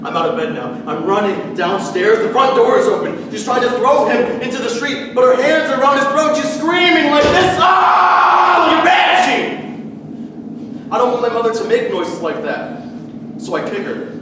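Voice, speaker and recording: A man as a haunted son recounting his violent childhood, his voice pitched fairly high and grim. He is caught from a distance across an echoing hall, with noise underneath. It is a live stage monologue. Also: expressive, fairly quick. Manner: grim, intense monologue delivery. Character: grown man reliving a brutal, drunken childhood home. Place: theatre stage. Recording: echoey hall, distant mic, audible noise.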